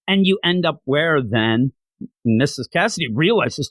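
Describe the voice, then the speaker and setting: A man hosts a comic book podcast, retelling a story in an easygoing, heartfelt way. His voice swings up and down with lively inflection. The sound is dry and close, with no room echo. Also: on the high side, a little slow. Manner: animated, openly sentimental storytelling. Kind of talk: casual comic recap.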